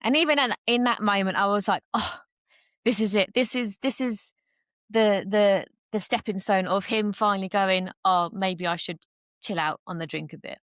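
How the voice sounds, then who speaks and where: A woman's voice: mid-range voice, normal speed, fairly bright tone, smooth, dry recording. A young woman talking openly as a podcast guest, chatty and full of fillers, acting out the voices she quotes. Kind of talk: casual conversation.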